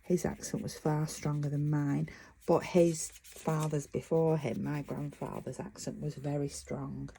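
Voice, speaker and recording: A woman's voice: deep voice, little pitch movement, unhurried, creaky, mellow, slight background noise, rough recording. A middle-aged woman from northern England with a Lancashire accent, chatting casually through a crafting tutorial while she works. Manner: chatty, self-interrupting, talking while working. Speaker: craft vlogger.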